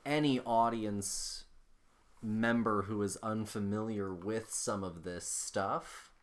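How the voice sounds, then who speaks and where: A man's voice: on the low side, fairly even intonation, slow. A man co-hosting a film podcast, explaining his thoughts on a movie in a thoughtful, casual way. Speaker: podcast co-host.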